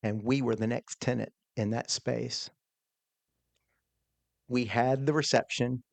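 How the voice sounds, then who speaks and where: A man telling an earnest, animated personal story as a podcast guest, quoting his own thoughts along the way. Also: medium pitch, slow pace, creaky, dry recording. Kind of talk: storytelling in a conversation.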